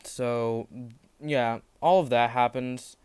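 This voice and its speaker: A man's voice: medium pitch, steady tone, takes it slowly, darkish tone, clear, resonant tone. A man casually narrating a fan-made story, rambling, with many fillers and restarts.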